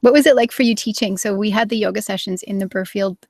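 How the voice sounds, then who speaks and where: A woman's voice: mid-range voice, fast talker, darkish tone, dry recording, clean studio sound. A middle-aged woman hosting a live wellness show, chatting enthusiastically with a guest. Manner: enthusiastic, gushing, acts out quotes. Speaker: host.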